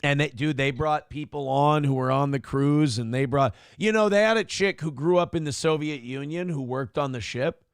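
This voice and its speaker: Gravelly dude cohosting a morning show, crude jokey banter, dry close mic, voice a bit high. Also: male voice, moderate pace, hardly any pauses, dry recording. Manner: profane, jokey, does mock voices. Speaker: co-host.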